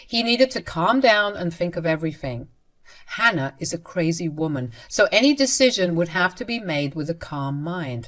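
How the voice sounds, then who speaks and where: A woman narrates a first-person story in a matter-of-fact way. She speaks directly to her listeners. Her voice sits fairly low. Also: expressive, normal speed, fairly bright tone.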